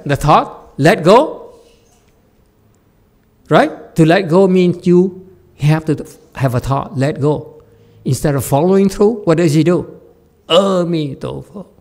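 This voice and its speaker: Husky-voiced man telling a Dharma story. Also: mid-range voice. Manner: animated storyteller who acts out quoted speech and laughs at his own jokes. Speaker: Chan master giving a Dharma talk. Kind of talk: Buddhist Dharma talk with storytelling.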